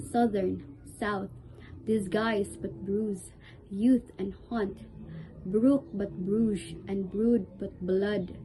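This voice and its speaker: Slow, careful woman reciting a poem. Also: mid-range voice, dark tone, slight background noise, low-quality recording. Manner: slow, careful recitation of rhyming word lists.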